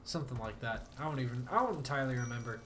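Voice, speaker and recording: A man's voice: mid-range voice, racing, fairly bright tone, slight background noise. A man streaming a game, chatting casually and rambling, self-deprecating, with bursts of mock outrage. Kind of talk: casual game livestream commentary.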